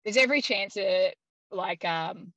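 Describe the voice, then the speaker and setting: A woman guest telling a story in casual conversation, lively, laughing often and using many "like" fillers. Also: medium pitch, measured pace, no echo, low-quality recording. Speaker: interview guest.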